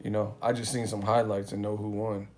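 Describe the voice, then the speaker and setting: A man's voice: fairly low pitch, flat delivery, a little fast, a little mellow, a little hiss or hum. A man hosting a live boxing talk stream from a hotel room, speaking in a loose, profane, rambling way as he tells stories. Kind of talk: casual live-stream chat.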